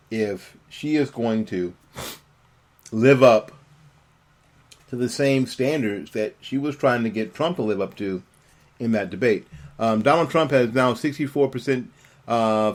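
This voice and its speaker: A man hosting casual live commentary, talking haltingly with many ums and restarts. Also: fairly low pitch.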